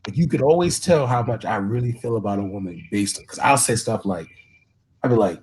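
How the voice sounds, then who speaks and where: A man on a live talk panel, telling animated, rambling stories in casual chat. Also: lowish voice, a little fast, a little hiss or hum. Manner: rambling, animated storytelling with many fillers.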